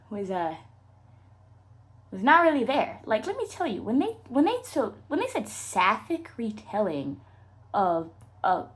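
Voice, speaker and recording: A woman hosting a podcast, ranting about a book in a casual, profane and sarcastic way. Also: mid-range voice. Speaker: podcast host. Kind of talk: casual book-review rant.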